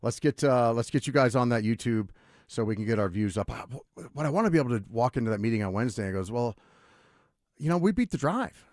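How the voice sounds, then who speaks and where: A man's voice: medium pitch, fast talker, no room sound, studio quality. A middle-aged man hosting a sports radio show, talking casually and telling rambling stories with lots of energy. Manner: animated, rambling storyteller. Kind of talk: casual radio talk and storytelling. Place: radio studio.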